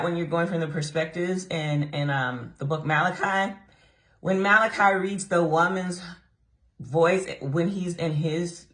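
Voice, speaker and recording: A young woman with a fairly low voice gives a casual, animated book review. She laughs often and mocks the characters by putting on voices.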